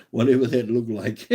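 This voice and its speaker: A man's voice: mid-range voice, dark tone, breathy edge. An Australian man hosting a live stream, chatting casually and encouragingly, often restarting his sentences.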